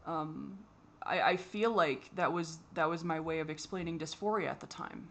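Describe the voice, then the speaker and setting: A woman giving a candid personal monologue for her vlog, halting and frustrated, with many restarts and fillers and the odd swear. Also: sits low, fairly bright tone. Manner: swears when exasperated. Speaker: vlogger.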